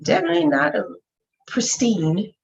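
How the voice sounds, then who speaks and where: A woman co-hosting a casual TV review, chiming in with quick agreements and jokes. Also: medium pitch, sing-song, muffled recording. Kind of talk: casual TV episode review chat.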